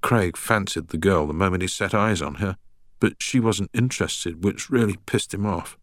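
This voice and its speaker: A man's voice: low-pitched, moderate pace, no room sound, clean studio sound, natural voice. A man voicing a well-spoken young man who is a recovering heroin addict, hesitant and uneasy. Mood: nervous, confessing.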